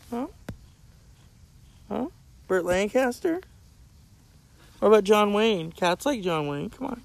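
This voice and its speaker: Middle-aged male host; gravelly, a touch high, loose profane banter. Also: expressive, slow, pauses often. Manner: profane, joking, chatting to his cat. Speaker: podcast host. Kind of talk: casual rambling monologue.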